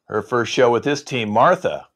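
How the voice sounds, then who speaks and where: A man hosting a live online improv show over a video call, relaxed and chatty, with frequent pauses. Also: medium pitch.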